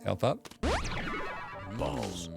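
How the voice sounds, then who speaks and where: Low-voiced man chatting over game music. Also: lively intonation, extremely slow, gravelly. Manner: chatty, thinks aloud and answers chat. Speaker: streamer. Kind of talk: casual gaming commentary. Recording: game music playing behind.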